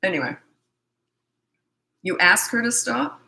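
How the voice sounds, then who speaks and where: A woman's voice: medium pitch, lively intonation, slow pace, gravelly, pushed and bright. A middle-aged woman with a scratchy throat, giving no-nonsense parenting advice in a casual question-and-answer session. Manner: blunt, no-nonsense, matter-of-fact.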